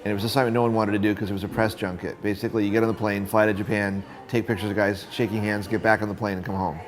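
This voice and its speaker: A middle-aged man with a low voice recounts his years as a photographer, acting out the people he met as he goes. The low voice stays easy and conversational. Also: rapid-fire. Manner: animated storyteller acting out quoted voices. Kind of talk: storytelling interview.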